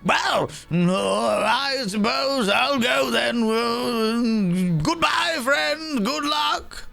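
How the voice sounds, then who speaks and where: Panicky little dwarf ferryman voiced by a man, high and frantic, gravelly edge. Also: drawn-out words, sharp tone, faint music behind, heavily acted. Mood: resigned.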